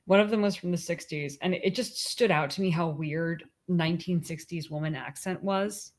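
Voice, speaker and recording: A woman's voice: on the low side, normal speed. A woman co-hosting a podcast, chatting casually with her husband and thinking aloud with restarts. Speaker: podcast co-host.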